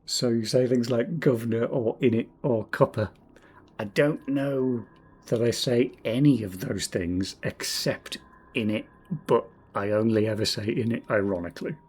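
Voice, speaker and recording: A man in his forties from Northeast England with a southern English accent, streaming a game in casual commentary, rambling and self-deprecating, muttering quiet asides to himself. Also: on the low side, breathy edge. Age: 40s. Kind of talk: casual game commentary while reading chat.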